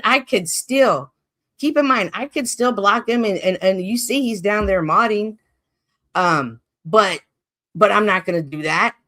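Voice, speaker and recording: A woman's voice: medium pitch, fairly bright tone. Heated, profane woman live-streamer. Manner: profane, heated, talks straight to chat. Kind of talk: casual live-stream rant.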